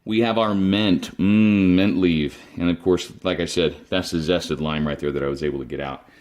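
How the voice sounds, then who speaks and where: A man's voice: low voice, steady tone, normal speed, darkish tone. A man casually chatting his way through a home cooking demo in his kitchen, rambling and self-deprecating. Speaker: cooking video host.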